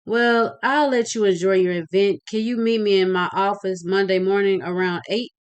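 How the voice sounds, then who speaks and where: A woman voicing a stern older female boss in a read-aloud novel, cool and measured. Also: medium pitch, fairly even intonation, clear, resonant tone, natural voice.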